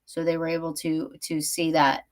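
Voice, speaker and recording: Chatty woman host with a lowish voice. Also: completely flat delivery, normal speed. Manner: chatty, filler-heavy. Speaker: podcast host. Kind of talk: casual interview chat.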